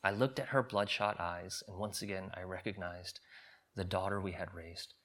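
A male pastor preaching and reading a story aloud with earnest drama, often dropping to a hush. His voice is bright and forceful. It sits fairly low in pitch. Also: fairly even intonation, normal speed. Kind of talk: sermon with story read aloud.

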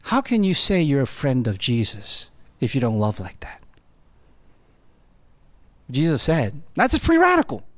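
A man's voice: medium pitch, a little slow, long pauses, dry recording. A man preaching a sermon in a conversational way, often checking in with his listeners by asking "right?". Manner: animated, conversational preaching with constant "right?" tag questions. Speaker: pastor.

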